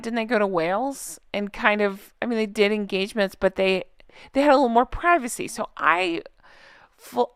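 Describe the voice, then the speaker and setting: A woman's voice: mid-range voice, dry recording, studio quality. A woman vlogger giving casual, sarcastic reaction commentary on a book, blunt and swearing, with laughing asides.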